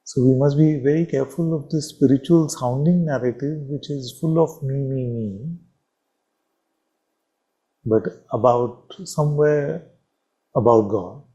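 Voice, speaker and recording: A man, a spiritual teacher, giving a slow and reflective satsang talk with long pauses and repeated phrases. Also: a little high, steady tone, warm tone, poor audio.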